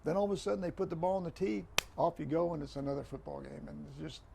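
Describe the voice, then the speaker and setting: An older man, a retired referee, telling stories as a guest in a podcast interview, animated, repeating phrases and acting out dialogue. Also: a little high, fast, gravelly, background noise.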